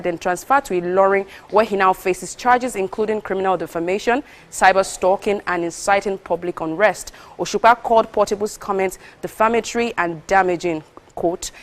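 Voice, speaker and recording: A woman co-hosting a morning TV entertainment news segment, reading stories briskly and teasing her co-host between items. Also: mid-range voice. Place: TV studio.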